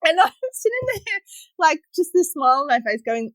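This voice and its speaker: A woman in her thirties talks through stories with a bright laugh never far away. Her voice sits a little high. The sound is close and dry. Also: big pitch swings, fairly quick, no room sound. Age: 30s. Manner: chatty storyteller, laughs often. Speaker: podcast guest. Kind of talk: casual chat.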